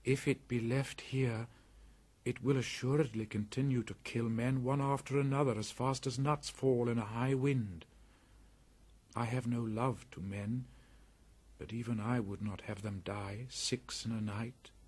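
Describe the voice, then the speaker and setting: A man's voice: medium pitch, measured pace, breathy edge, voice pushed up. Mowgli, a man doing a fierce jungle boy. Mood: earnest. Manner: lively, commanding boy's voice.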